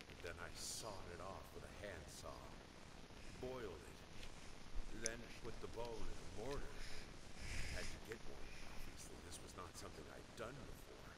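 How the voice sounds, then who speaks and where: A brooding obsessed painter. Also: male voice, low voice. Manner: calm macabre confession, then angry outbursts. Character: obsessed middle-aged male painter, brooding then furious. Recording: game audio with loud ambient noise.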